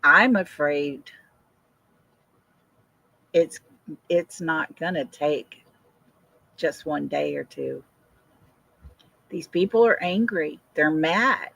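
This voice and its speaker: Slow, bright-voiced grandma chatting. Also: female voice, sits low, creaky, dry recording. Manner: chatty, reads viewer comments aloud, laughs often. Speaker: livestream host. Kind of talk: casual livestream chat.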